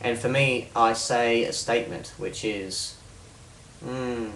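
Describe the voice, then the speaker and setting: A man's voice: medium pitch, fairly even intonation, slow, a bit bright, slight background noise. Man rambling through a how-to, roomy and distant. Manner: rambling, frequent fillers and restarts. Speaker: hypnosis instructor. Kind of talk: casual how-to explanation. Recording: roomy, distant mic with faint ambience.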